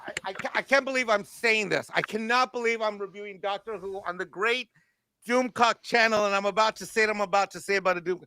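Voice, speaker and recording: Man, mexican accent, panelist, high bright voice, animated joking. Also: fast talker, clean tone, dry recording. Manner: animated, joking, laughs at his own jokes. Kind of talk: podcast review panel.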